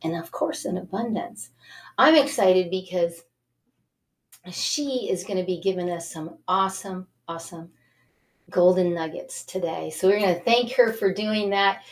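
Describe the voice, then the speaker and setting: A woman hosting a self-help TV show, talking in an animated, coaxing way as she leads viewers through breathing exercises. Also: on the low side, a little slow. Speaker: host.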